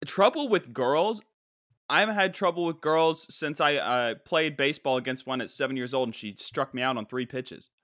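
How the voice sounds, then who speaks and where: A man's voice: medium pitch, normal speed, dry recording, studio quality. A young man in his twenties hosting a podcast, reacting with mock exasperation and disbelief in a casual, joking way. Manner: incredulous, animated, mock-exasperated. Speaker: podcast host.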